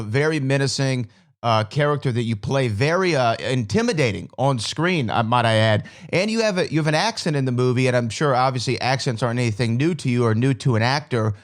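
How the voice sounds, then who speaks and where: Male host, eager and complimentary, mid-pitched, plain delivery. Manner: enthusiastic, praising, with fillers. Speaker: interview host. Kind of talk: interview questions.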